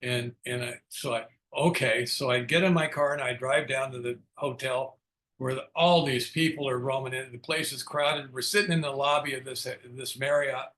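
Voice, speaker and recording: A man's voice: medium pitch, fairly even intonation, moderate pace, fairly bright tone. An older man leading a recovery book study, telling his own story in a frank, self-mocking way with frequent chuckles. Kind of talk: candid storytelling talk.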